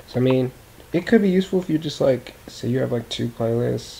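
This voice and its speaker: A man hosting a casual software tutorial in a loose, rambling way, often correcting himself, recorded at a desktop computer mic. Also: medium pitch, animated, a little fast, gravelly, a little hiss or hum, rough recording. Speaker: tutorial host.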